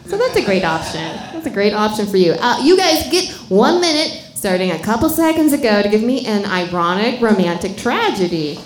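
A woman hosting a live comedy game on a bar stage, playful and quick to laugh. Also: medium pitch, very animated, roomy sound. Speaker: game show host.

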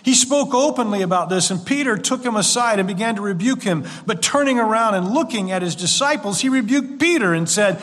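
A pastor preaching a sermon, earnest and conversational, with folksy asides to the congregation. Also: male voice, high voice, lively intonation, fairly quick, few pauses, a bit bright. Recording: long hall reverb.

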